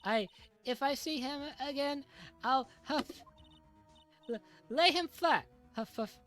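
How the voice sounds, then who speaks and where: A woman's voice: high voice, takes it slowly, fairly bright tone, pitched above the performer's own voice. A woman voicing a cranky, breathless old woman who huffs and puffs between stammered words. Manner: wheezy huffing and puffing between stammered words. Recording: faint music underneath.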